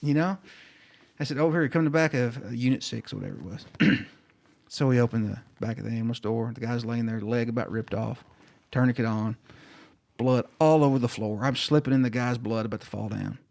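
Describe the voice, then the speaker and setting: A man tells a story on a podcast in a loose, casual way. His voice sits at an ordinary middle pitch. He keeps slipping into the voices of the people in his story. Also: fairly quick, creaky. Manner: animated, acts out quoted dialogue.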